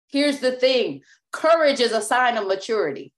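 A woman delivers a sermon with a voice pitched a little above average. She speaks emphatically and often restarts and repeats words as she presses her point. She acts out the scripture quotes as she teaches. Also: very animated, moderate pace. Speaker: apostle and teacher.

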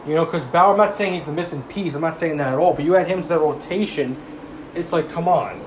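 A man's voice: on the high side, fast, slight background noise. A young man ranting heatedly about baseball, mocking rival fans and swearing. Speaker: sports commentator. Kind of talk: casual sports rant.

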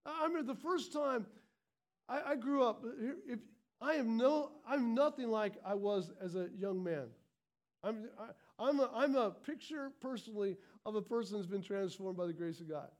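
Pastor guy preaching, really high voice for a man, hammers points over and over. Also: moderate pace. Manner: emphatic, repetitive preaching with frequent restarts. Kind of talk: sermon.

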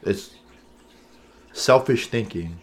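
Low-ish and slow, a male podcast co-host chats casually, earnestly thinking aloud and frequently checking in with "right?" and "you know what I'm saying?"

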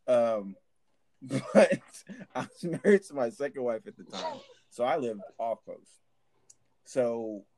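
Man, army sergeant type, low voice, rambling profane storyteller. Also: darkish tone. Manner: rambling, profane, many restarts. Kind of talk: casual storytelling chat.

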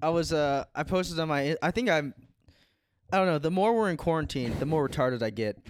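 A man's voice: a little high, a little fast. A young man chatting casually as a podcast co-host, rambling and laid-back, with lots of "like" and "dude". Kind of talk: casual chat.

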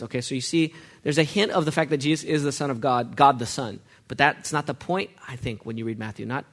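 A man preaching with real energy, his voice a bit higher than most men's. He keeps tossing questions out to the congregation and answering them himself in a lively sermon style. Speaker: pastor.

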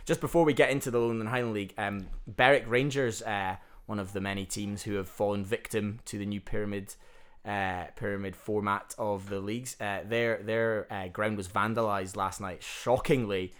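A young Scottish man with a lowish voice, chatting loosely about football as a podcast co-host. He rambles, swears freely and laughs easily. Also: steady tone, normal speed, clear, resonant tone. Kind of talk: casual chat.

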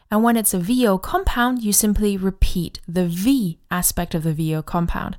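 Woman co-host, friendly explainer of Chinese grammar, slows down to model phrases. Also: medium pitch, steady tone, darkish tone. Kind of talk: podcast language lesson.

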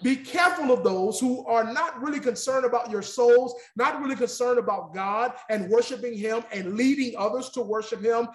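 A man's voice: very high-pitched, moderate pace, hardly any pauses, reverberant. A man preaching a sermon in an emphatic, repetitive way, calling out to the congregation.

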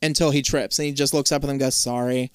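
A man's voice: fairly high pitch, flat delivery, very fast, clean tone, dry recording, clean studio sound. A man casually recapping a TV episode on a podcast, swearing freely and rambling as he loses track of names. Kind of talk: casual profane podcast chat.

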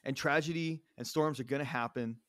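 A man's voice: mid-range voice, fairly quick, no echo, studio quality. A man in his thirties telling a personal story in a casual interview, earnest and rambling, often restarting his sentences. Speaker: podcast guest.

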